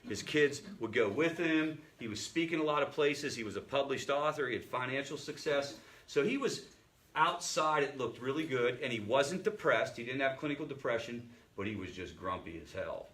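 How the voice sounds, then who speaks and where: Male group facilitator, mid-pitched, casual storyteller who talks with the group rather than at it. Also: lively intonation, normal speed, fairly bright tone. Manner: conversational storyteller, asks the group questions, frequent restarts. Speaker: family recovery group facilitator. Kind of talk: informal teaching talk to a support group.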